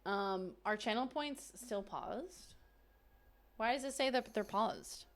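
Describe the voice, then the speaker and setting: A woman's voice: fairly high pitch, takes it slowly. A young woman streamer chatting casually and playfully with her viewers while playing a game. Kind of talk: casual livestream gaming chat.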